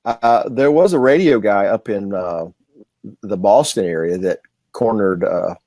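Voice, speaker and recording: Low-voiced deliberate man co-host. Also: mellow, no room sound. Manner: measured, deliberate, folksy. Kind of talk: casual political talk show chat.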